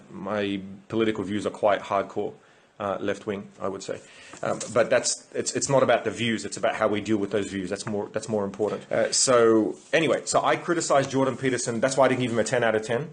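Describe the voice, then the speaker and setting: A man talking through political views in a casual monologue, restarting and correcting himself often. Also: lowish voice. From Australia. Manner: rambling, many restarts and self-corrections. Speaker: YouTube commentator.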